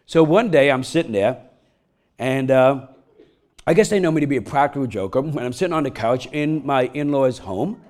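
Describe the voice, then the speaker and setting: A middle-aged man preaching a sermon, telling a funny personal story, laughing often and getting loud as he acts it out. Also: mid-range voice, expressive, moderate pace. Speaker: pastor.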